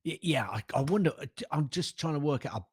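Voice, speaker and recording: Playful, lively-voiced male co-host. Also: on the high side, brisk, breathy edge. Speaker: podcast co-host. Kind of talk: casual chat.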